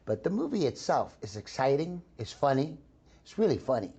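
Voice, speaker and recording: Older male actor, interview guest, excitable and rambling, mid-pitched everyday voice. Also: a little fast, husky. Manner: excitable, rambling with frequent restarts. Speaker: actor interviewed about a film. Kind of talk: casual interview.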